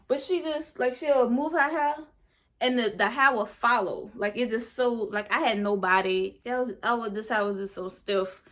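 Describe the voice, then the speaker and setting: A woman's voice: a little high, normal speed, a bit bright. Frustrated young woman venting about a wig. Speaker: beauty vlogger. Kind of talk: casual product review.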